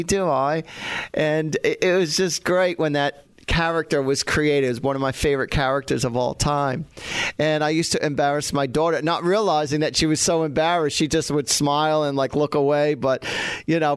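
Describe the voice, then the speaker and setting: A man's voice: mid-range voice, smooth, no room sound. A man, a psychic medium, chattily telling funny stories and laughing often. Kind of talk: casual storytelling.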